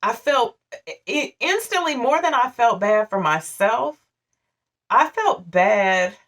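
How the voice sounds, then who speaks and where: A woman's voice: fairly high pitch, animated, takes it slowly, a bit bright, recorded from a distance. Woman in her forties telling a personal story. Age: 40s. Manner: candid, emotional, conversational. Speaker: vlogger.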